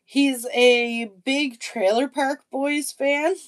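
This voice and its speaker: A woman's voice: sits high, steady tone, drawn-out words. A woman live streaming in casual chat. She is chatty and self-deprecating, and she laughs often.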